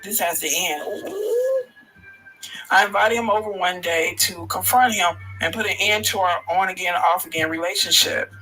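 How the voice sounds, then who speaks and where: A man hosting a livestream, reading a first-person story aloud with an expressive delivery and reacting aloud along the way. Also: high voice, a little fast, hardly any pauses, soft background music, poor audio. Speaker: livestream host.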